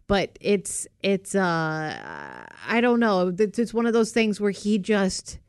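A woman's voice: medium pitch, very animated, slow pace, clear, resonant tone, no room sound, studio quality. A middle-aged woman co-hosting a radio show, chatting in an amused, casual way. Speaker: radio co-host. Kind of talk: casual banter.

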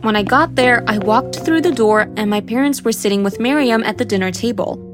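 A woman narrating a first-person life story in an earnest, expressive way. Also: fairly high pitch, fairly quick, over music. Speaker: podcast storyteller.

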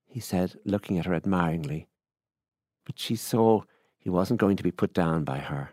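An Irish man reading a literary short story aloud in a measured, unhurried way. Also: sits low, darkish tone, dry recording, studio quality. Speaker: reader.

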